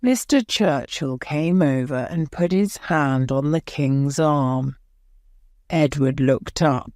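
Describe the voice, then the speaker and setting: A woman narrating a graded-reader story for English learners, reading slowly and carefully. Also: low voice, a little mellow, no room sound, studio quality. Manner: slow, careful, clear reading. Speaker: audiobook narrator.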